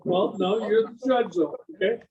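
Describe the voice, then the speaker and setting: A man's voice: high voice, normal speed, dull audio. A man leading songs at a club dinner meeting, joking and rambling in a casual way. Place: dinner meeting room with members present. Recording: echoey room from far off with crowd noise.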